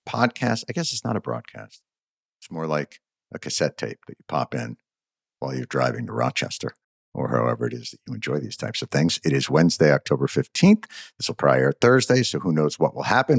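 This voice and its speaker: Wry gravelly man hosting. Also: rumbling low, no echo, clean studio sound. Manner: sarcastic, mock-grand, with halting fillers. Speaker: host. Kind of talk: comic podcast monologue.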